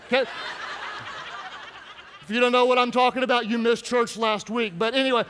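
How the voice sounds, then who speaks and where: A man preaching a humorous sermon to his congregation, joking and telling stories with lively asides. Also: extremely high pitch, normal speed, slight background noise. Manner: jokey, animated storytelling with asides to the congregation. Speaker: pastor. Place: large church hall. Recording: long hall reverb from a church.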